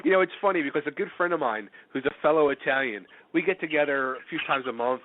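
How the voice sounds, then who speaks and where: A man's voice: on the high side, quick pace, slight background noise. A man hosting a show, chatting with easy, friendly banter over the phone. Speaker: radio host. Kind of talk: casual chat. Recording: tinny phone line.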